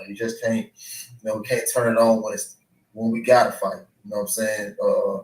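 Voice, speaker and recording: Boxer, rambling, echoey distant clip. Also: male voice, lowish voice, level tone, a little fast. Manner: rambling, repeats filler phrases. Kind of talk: interview clip.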